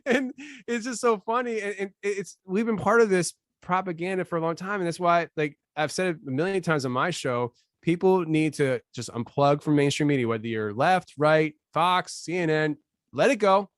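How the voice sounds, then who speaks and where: Animated man on a dry mic. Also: normal speed, no echo. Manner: animated, laughing, voice jumping high when riled up. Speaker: guest. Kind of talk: casual podcast chat.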